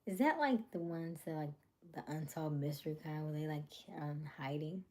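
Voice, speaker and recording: A woman's voice: low-pitched, normal speed, darkish tone. A woman chatting casually on a livestream, often dropping into whispers and muttering to herself. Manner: muttering to herself, drifting between whispers and normal talk. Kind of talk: casual chat with live chat, partly whispered.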